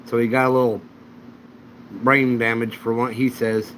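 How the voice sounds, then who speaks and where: A man's voice: medium pitch, level tone, normal speed, a crowd in the background, low-quality recording. A man hosting a casual livestream chat, telling rambling anecdotes. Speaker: channel host.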